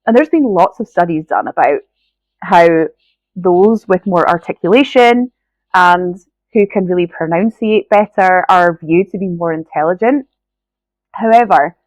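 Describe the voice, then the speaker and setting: Speaking low over a low-quality recording with no echo, the Scottish podcast host sounds stuffed up with a cold. She addresses her listener directly, earnest and encouraging, with plenty of "right?" thrown in on her solo show.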